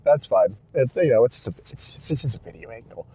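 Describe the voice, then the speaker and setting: A man's voice: medium pitch, animated, a little fast, warm tone, slightly rough, no room sound. A man rambling in a casual vlog from inside his car, blunt and swearing constantly, recorded on a phone camera in a car holder. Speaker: vlogger. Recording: dull lo-fi phone audio in car.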